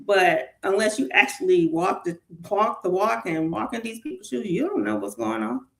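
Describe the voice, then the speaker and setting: A woman with a Southern US accent, chatting as an interview guest, animated and laughing, rambling with fillers. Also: medium pitch, moderate pace, creaky. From Southern United States. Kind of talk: casual chat. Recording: roomy echo.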